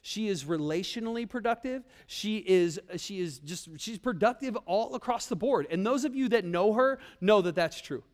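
High-voiced man preaching with emphatic repetition. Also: animated, normal speed, few pauses. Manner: emphatic preaching with repeated phrases and swings from loud to quiet. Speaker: pastor. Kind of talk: sermon.

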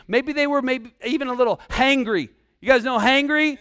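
High-voiced man preaching casually. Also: a little fast, hardly any pauses, pushed and bright, clean tone, no room sound. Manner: casual, humorous preaching with slang asides. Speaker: pastor. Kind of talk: sermon.

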